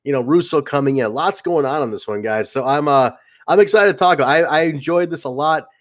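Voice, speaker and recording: A man's voice: a little high, a little fast. A man hosting a casual solo podcast livestream, rambling with fillers and restarts and acting out other people's lines as he tells a story. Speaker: podcast host.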